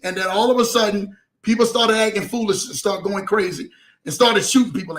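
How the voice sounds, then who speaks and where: A man's voice: high-pitched, pushed and bright. A man hosting his own live show, hyped up and repeating catchphrases as he gives a motivational talk. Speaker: host.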